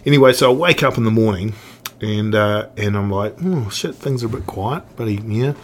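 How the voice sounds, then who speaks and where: A man, talking in a loose, rambling way, circling back and restarting his sentences. His voice sits a little low. A faint hum of background noise runs under the recording. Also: normal speed. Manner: rambling, many restarts and swearing. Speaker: guest. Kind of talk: casual storytelling chat.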